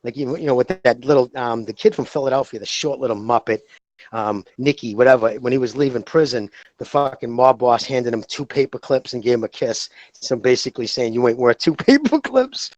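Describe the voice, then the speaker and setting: A man's voice: mid-range voice, fairly even intonation, brisk, darkish tone, lo-fi sound. A man co-hosting a podcast in casual chat, talking in a heated, profane, rambling way. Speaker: podcast co-host.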